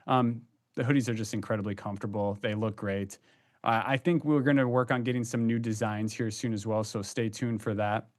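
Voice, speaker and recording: A man's voice: lowish voice, steady tone, fairly quick. A young man co-hosting a casual podcast, talking loosely with plenty of ums and restarts. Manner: chatty, loose, many fillers. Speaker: podcast co-host.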